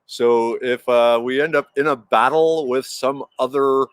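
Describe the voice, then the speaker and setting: A man's voice: medium pitch, steady tone, unhurried, clean tone, no room sound. A man hosting a casual livestream, rambling with frequent restarts and greeting viewers in the chat by name. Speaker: livestream host.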